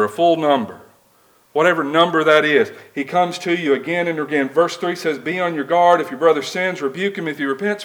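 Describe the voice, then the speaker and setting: A man's voice: on the high side, low-quality recording. A male preacher giving a sermon, reading scripture aloud and asking the congregation plain rhetorical questions.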